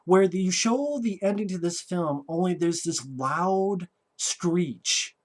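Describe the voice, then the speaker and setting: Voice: mid-range voice, takes it slowly, few pauses. A film reviewer giving a casual movie review rant, talking in a blunt, sarcastic way with a lot of swearing.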